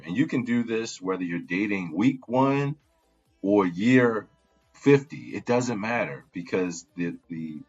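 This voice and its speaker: A man's voice: sits low, breathy edge, highs cut off. A man giving casual relationship advice, talking conversationally and often checking in with "right?".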